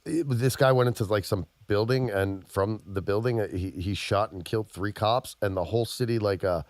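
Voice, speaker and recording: A man's voice: lowish voice, normal speed, dry recording. A man co-hosting a podcast in casual chat, telling rambling stories with plenty of swearing. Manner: profane, rambling storyteller. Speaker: podcast co-host.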